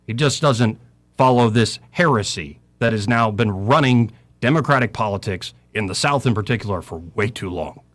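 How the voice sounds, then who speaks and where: A man's voice: fairly low pitch, normal speed. A middle-aged man giving impassioned talk radio commentary, preaching with scripture and swinging his voice up and down. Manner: preacherly, quoting scripture, voice rising and falling.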